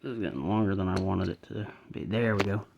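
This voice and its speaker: With a light Southern accent and a deep, creaky voice, a man talks quickly while casually building a toy model, narrating each step to himself. There's background noise in the recording.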